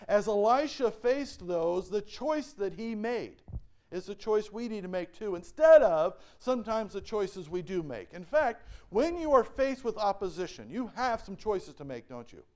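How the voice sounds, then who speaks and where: A man's voice: sits high, darkish tone. A male pastor preaching a sermon and reading scripture aloud. He often asks the congregation questions and acts out the voices he quotes. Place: church.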